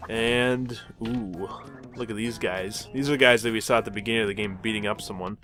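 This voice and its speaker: A man's voice: on the low side, fairly even intonation, brisk, sharp tone, faint music behind. A man giving casual, rambling commentary over a video game he is playing. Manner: rambling, loose, lots of fillers and laughs at himself. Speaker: let's play host.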